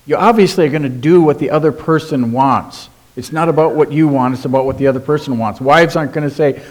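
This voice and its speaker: Emphatic male pastor preaching. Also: a little high. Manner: emphatic, rhetorical questions, slows down for key words. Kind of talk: sermon.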